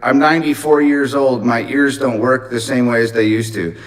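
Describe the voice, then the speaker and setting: A kind old widower in his nineties speaks softly and gently, as a man quotes him. The voice sits at an everyday male pitch, frail and warm-hearted. It is heard within a spoken anecdote. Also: steady tone, moderate pace, lightly acted, poor audio. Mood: gentle. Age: 90s.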